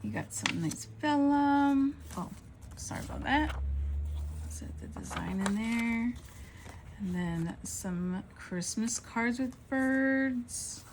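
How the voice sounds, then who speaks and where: A woman's voice: fairly high pitch, lively intonation, takes it slowly, noisy background. A woman vlogger narrating a casual show-and-tell of craft supplies, gushing and exclaiming over each item.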